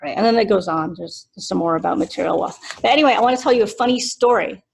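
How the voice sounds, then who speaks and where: Middle-aged nun teaching, chatty and laughing, slight vocal fry. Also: female voice, medium pitch, fast talker, slight background noise, poor audio. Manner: chatty, laughs often while telling a story. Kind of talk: casual teaching with a personal story.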